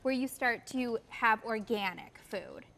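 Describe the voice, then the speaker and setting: A woman with a fairly high voice walks through a cooking demonstration step by step, calm and explanatory. Her voice rings with a long studio reverb. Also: measured pace, vocal fry. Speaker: cooking guest.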